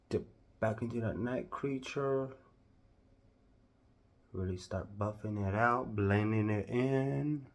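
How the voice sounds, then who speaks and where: A man with a Southern US accent narrating a makeup tutorial, gushing with drawn-out exclamations. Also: mid-range voice. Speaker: makeup vlogger.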